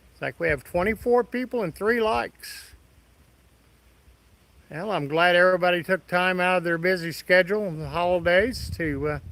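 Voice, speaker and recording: A man's voice: sits high, a bit bright, low-quality recording. A man hosting a casual live stream, greeting viewers by name in a folksy, friendly way. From Midwest of the United States. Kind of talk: casual live stream chat reading comments.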